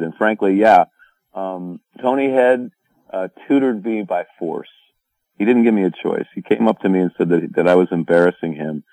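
Deep-voiced American actor, halting and wry. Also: male voice, dark tone, no echo, poor audio. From California. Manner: halting, many fillers and restarts, dry humor. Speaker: actor guest. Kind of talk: casual interview answers.

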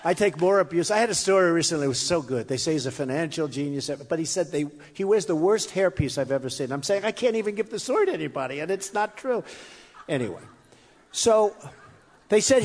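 A man's voice: high voice, sing-song, a little fast, a little mellow. A man giving an off-the-cuff campaign speech to a rally audience, boastful and rambling, repeating his phrases and mocking his critics. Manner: mocks his critics in quoted voices. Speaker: political candidate addressing a rally. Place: hot crowded room with an audience. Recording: echoey hall, faint crowd.

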